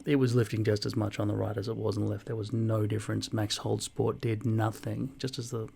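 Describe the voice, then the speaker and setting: A man in his forties reading out viewer comments and answering them in a dry, deadpan way, with plenty of swearing. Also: on the low side, a little fast, gravelly. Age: 40s. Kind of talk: casual comment-reply vlog.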